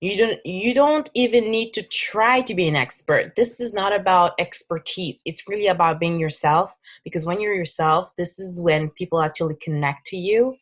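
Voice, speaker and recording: A woman with a French accent and a fairly low voice pitches fitness coaching in a casual, upbeat way. She talks persuasively, often breaking off and restarting her sentences. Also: moderate pace, few pauses. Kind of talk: casual recruiting presentation.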